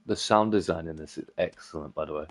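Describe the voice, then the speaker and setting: A man's voice: a bass voice, quick pace. A man giving casual gameplay commentary, musing to himself with wry asides.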